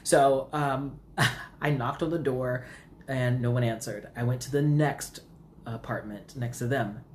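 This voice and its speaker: A woman casually telling a storytime vlog, animated and full of fillers, with big pitch jumps when she quotes herself. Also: a little slow, a little hiss or hum. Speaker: vlogger.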